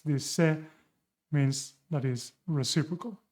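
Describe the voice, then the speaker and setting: A man's voice: mid-range voice, fairly even intonation, measured pace, a little mellow. A man with a Spanish accent, a native Spanish speaker, explaining grammar in a patient online lesson and correcting his own slips as he goes. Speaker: Spanish teacher.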